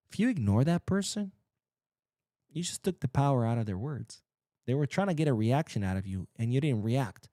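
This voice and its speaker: A man hosts a football news show and rants in a blunt, profane way. His voice sits in a middle pitch. The sound is dry and close to the mic. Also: moderate pace, no echo. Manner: blunt, profane, animated ranting. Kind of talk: ranting commentary.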